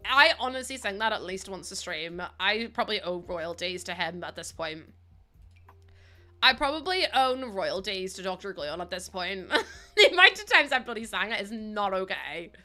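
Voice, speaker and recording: A woman's voice: medium pitch, sing-song, normal speed, sharp tone. A young woman livestreaming, chatting casually and self-mockingly with her viewers while she plays a game.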